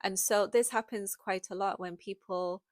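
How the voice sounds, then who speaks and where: A woman's voice: mid-range voice, steady tone, moderate pace, no room sound. A woman hosting a reflective talk on faith, rambling a little and correcting herself with many fillers. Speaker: religious commentary host.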